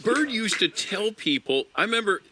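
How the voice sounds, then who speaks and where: Man, former player, bright lively voice. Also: high voice, moderate pace, slight background noise.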